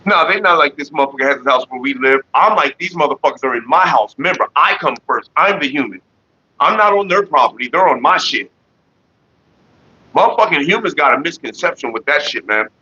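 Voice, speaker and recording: Man, livestream host, husky bright voice, profane animated storytelling, lo-fi home stream audio. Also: on the high side, a little fast. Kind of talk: casual profane storytelling to viewers.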